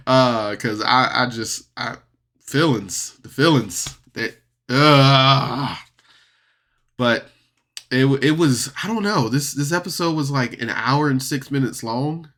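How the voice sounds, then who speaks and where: Male podcast reviewer, unhurried delivery, bright tense tone, loose chatty rambling. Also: mid-range voice. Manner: rambling, chatty, often laughs. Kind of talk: casual solo review.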